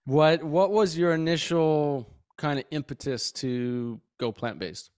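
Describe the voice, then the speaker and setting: A man's voice: a little high, unhurried, darkish tone, clean tone, dry recording, studio quality. A man hosting a podcast, introducing his guest and asking questions in an easygoing way with fillers. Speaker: podcast host.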